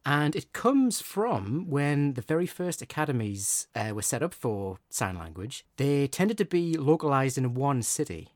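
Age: adult. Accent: Geordie. Sex: man. Style: casual podcast co-host, playful and teasing. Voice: animated, swinging pitch. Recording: dry, close. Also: measured pace, few pauses, no room sound. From northeast England. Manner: playful, teasing, laughs often.

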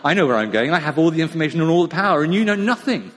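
A man voicing an exasperated, smug talking sat-nav that nags and mocks the driver, his voice jumping high. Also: very animated, fairly quick, husky. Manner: nagging, mocking, high-pitched outbursts. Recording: long echo of a large hall.

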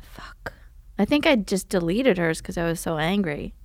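A woman's voice: on the low side, lively intonation, moderate pace, no echo, studio quality. A young adult woman hosting a comedy podcast, telling candid stories and acting out quoted voices. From raised by a Russian mother. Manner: candid, storytelling with acted-out quotes. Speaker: podcast host. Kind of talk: casual comedic chat.

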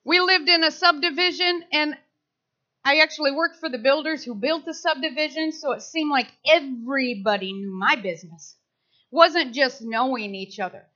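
Middle-aged woman preaching, high bright voice, animated storytelling, kinda dull lo-fi sound. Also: moderate pace. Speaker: speaker at church service. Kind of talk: sermon with personal stories.

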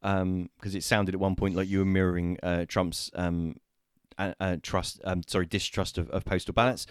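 A man hosting a casual discussion show over a remote call, talking with many pauses, fillers and restarts. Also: low voice, level tone, clear, resonant tone, no room sound, clean studio sound. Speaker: host.

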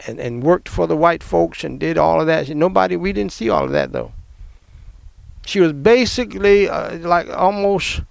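A middle-aged man from the American South telling a personal family story in an emphatic, animated way. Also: fairly high pitch, moderate pace, gravelly, dry recording.

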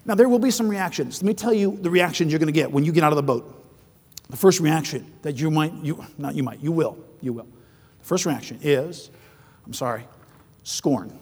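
A man delivers a sermon in a high, gravelly, husky voice that rings through a long-reverberating hall. He is animated, tells stories with loose restarts, and acts out the voices of the people in them. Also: brisk. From foreign-born, living in southern China. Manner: animated, acts out quoted voices, shouts at peaks; rambling, with frequent restarts in anecdotes. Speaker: preacher.

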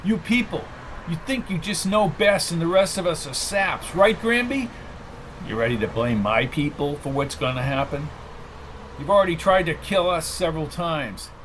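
A man doing a tense hero raised in pitch. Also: expressive, normal speed, fairly bright tone, slight background noise, poor audio. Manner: urgent and clipped. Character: determined man racing to stop a killing.

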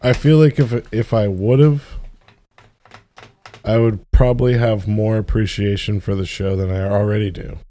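A man with a lowish, mellow voice talks in a relaxed, casual chat. He drops dry, offhand jokes without raising his energy. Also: measured pace.

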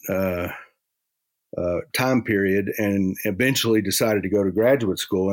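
A man who is a professor, talking as a guest on a podcast interview in a conversational way with many fillers. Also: lowish voice.

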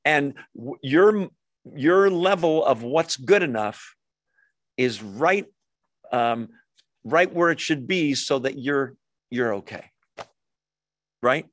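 Chatty, joking middle-aged preacher. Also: male voice, mid-range voice, expressive, takes it slowly, pauses often, fairly bright tone, no room sound. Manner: conversational, rhetorical questions, humorous asides. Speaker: pastor. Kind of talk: sermon.

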